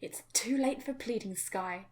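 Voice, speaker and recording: Woman voicing a shouting murderous father. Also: mid-range voice, steady tone, takes it slowly, close to an everyday voice. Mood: yelling. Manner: shouting, snarling threats. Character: furious murderous man, a young girl's father.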